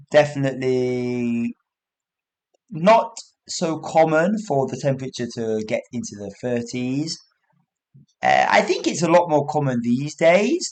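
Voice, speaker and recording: A man's voice: medium pitch, darkish tone. A man from England with an English accent, hosting a chatty English lesson podcast, rambling, correcting himself and laughing often. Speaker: English teacher podcast host. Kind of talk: casual spoken English lesson.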